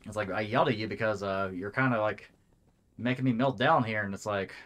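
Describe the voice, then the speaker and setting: A man's voice: lowish voice, fairly quick, fairly bright tone. A young man co-hosting a casual chat, rambling with lots of fillers and swearing freely. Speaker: co-host.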